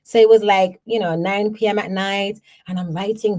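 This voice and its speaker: A woman from Jamaica, a podcast host telling personal stories in an animated way, often checking in with the listener. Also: medium pitch, moderate pace, hardly any pauses. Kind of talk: personal storytelling.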